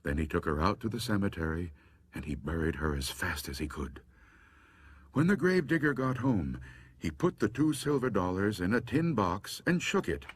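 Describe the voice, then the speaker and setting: A man reading a spooky story aloud in a slow, hushed, dramatic way. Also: low-pitched, sing-song, slightly rough. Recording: loud music underneath.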